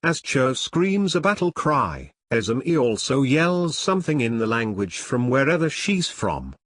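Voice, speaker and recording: A man narrating a crude comic story in a wry, deadpan way. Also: medium pitch, a little slow, dry recording.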